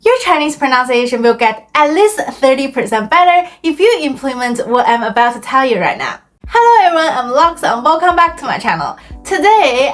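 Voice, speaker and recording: A woman teaching Chinese in a clear, deliberate scripted explainer, slowing down to model tones. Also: high-pitched, fairly bright tone.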